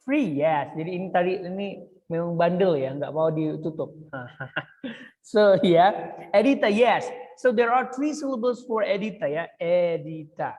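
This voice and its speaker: A woman's voice: on the low side, normal speed, a little mellow, in a large hall, low-quality recording. A woman with an Indonesian accent teaching English grammar, coaxing and repeating words for her pupils.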